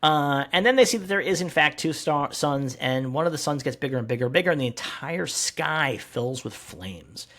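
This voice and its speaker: A podcast co-host chatting casually about comics, animated and often laughing as he retells panels. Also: mid-range voice, moderate pace, hardly any pauses.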